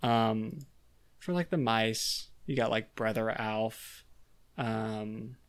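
A man's voice: fairly low pitch, clean tone. A young man co-hosting a podcast, chatting casually and laughing about a book. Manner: laughing, joking, quick asides. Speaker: podcast co-host. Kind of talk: casual book discussion chat.

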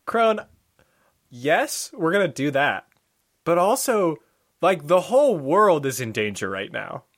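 A man chatting casually as game master about a tabletop session, quick and joking as he defends his story. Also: a little high, very animated, a bit bright.

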